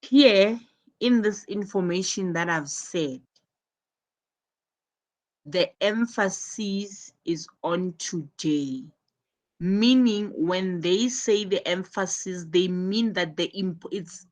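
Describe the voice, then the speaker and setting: A woman teaches an English class online over a video call. Her voice sits low, and she speaks very slowly. She explains patiently, coming back to the same point with fresh examples.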